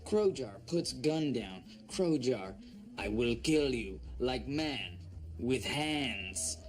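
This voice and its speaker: Brief: a scornful reader hamming up a badly written broken-English script, mid-pitched voice. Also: male voice, lively intonation, slow pace. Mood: mocking. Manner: mock-dramatic, scornful asides. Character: man reading a clumsy script in broken English.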